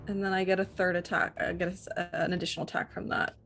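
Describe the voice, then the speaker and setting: A woman's voice: on the low side, level tone, rapid-fire, creaky, a bit bright, soft background music. A woman playing a tabletop role-playing game, hesitant and full of fillers as she checks her character's rules. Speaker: player.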